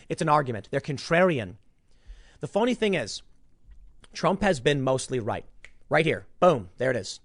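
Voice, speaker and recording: Animated, exasperated male political commentator. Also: medium pitch, no echo, clean studio sound. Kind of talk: solo political rant.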